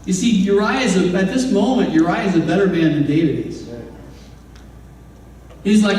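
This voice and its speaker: A man preaches a sermon in a relaxed, storytelling way, tossing in asides to the congregation. His voice sits very high for a man. The sound comes from far off in an echoey church hall, with a faint hum of room noise behind it. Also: moderate pace, pauses often. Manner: conversational storytelling with frequent asides; acts out quoted voices. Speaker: pastor. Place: church sanctuary.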